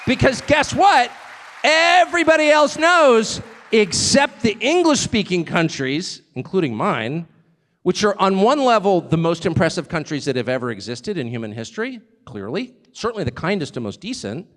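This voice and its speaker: Man, high lively voice, sarcastic live speech in a big reverberant hall. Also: moderate pace, some chatter behind. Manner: conversational, sarcastic asides, laughs often. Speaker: speaker at a live event.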